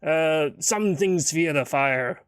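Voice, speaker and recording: A man's voice: on the high side, slow, smooth, no room sound, studio quality. A man doing a blustery old dwarf warrior. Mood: gruff. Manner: blustery, calls others lad.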